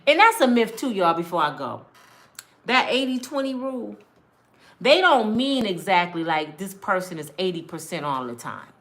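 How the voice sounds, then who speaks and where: Delivering a relationship sermon of sorts straight to camera, this mentor talks like an emphatic, conversational street preacher and acts out quotes. She has a mid-range voice with big pitch swings, a moderate pace, and a slightly bright tone.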